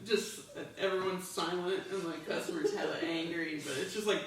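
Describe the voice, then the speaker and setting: A comedian pitching a sketch idea on a podcast, rambling with lots of fillers. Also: fairly even intonation, moderate pace. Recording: echoey room, mic far off.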